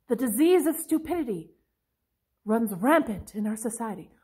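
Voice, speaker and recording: A woman's voice: on the high side, expressive, normal speed, a little mellow, breathy edge. A young woman book vlogger giving a sarcastic, exasperated rant, now and then mocking others in put-on voices. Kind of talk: ranting vlog commentary.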